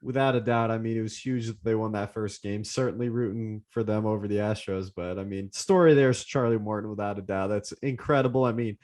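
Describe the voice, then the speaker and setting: A man's voice: on the low side, fairly even intonation, a little fast, hardly any pauses, darkish tone. A young man co-hosting a sports podcast, casually steering the talk to the next topic with enthusiasm. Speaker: podcast co-host.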